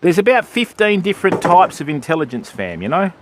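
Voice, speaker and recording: A man's voice: high-pitched, big pitch swings, brisk, noisy background. An Australian man chatting casually with viewers on a live fishing stream from an outdoor beach. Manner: chatty, matey, answering viewers.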